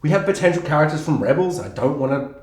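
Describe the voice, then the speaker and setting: An excitable man co-hosting a podcast, his pitch sitting a touch high and leaping around as he acts out lines. He swears freely in casual chat, and the room around him is echoey. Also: quick pace. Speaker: podcast co-host.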